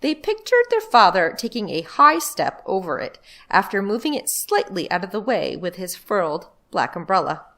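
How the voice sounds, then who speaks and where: A librarian reading a children's book aloud, a woman telling the story in a lively way. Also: mid-range voice, moderate pace, hardly any pauses.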